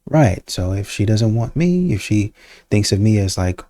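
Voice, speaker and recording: A man's voice: on the low side, sing-song, normal speed, mellow, no room sound. A young man hosting a reaction video, rambling through argumentative rebuttals in casual commentary. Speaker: host reacting to clips.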